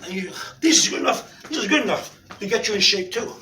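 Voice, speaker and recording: A man demonstrating an exercise while out of breath, giving halting, repetitive instructions and often checking in with "okay?" in an indoor room. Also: high-pitched, expressive, sharp tone, recorded from a distance, slight background noise. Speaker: exercise video maker.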